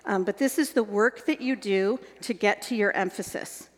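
A woman's voice: medium pitch, moderate pace, big-room sound. A woman leading an evening workshop on teaching the Bible, guiding the group and checking with questions as she goes.

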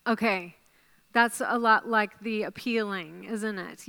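A woman teaches a Bible study group at a slow, unhurried pace, stopping often to praise answers. Her voice is bright and smooth. She thinks aloud while jotting ideas down. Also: medium pitch, fairly even intonation. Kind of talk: leading a class discussion.

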